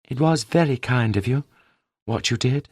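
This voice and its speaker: A woman's voice: extremely low pitch, normal speed, a little mellow, no room sound, clean studio sound. A man voicing a composed, sly middle-aged widow with a British accent in an audiobook. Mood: dreamy. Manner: pleading, then dreamy sing-song.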